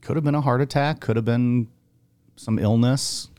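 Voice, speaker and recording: A man's voice: mid-range voice, steady tone, normal speed, darkish tone, clean tone. A man co-hosting a podcast, chatting casually with jokes and rambling asides. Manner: joking, rambling, full of fillers and restarts. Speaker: podcast co-host. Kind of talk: casual banter.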